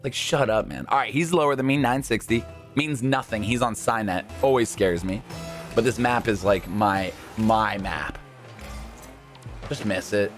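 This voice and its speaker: A man hosting a gaming video, giving live gameplay commentary in an excitable way that jumps from calm chatter to high yelps. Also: unhurried, faint music behind.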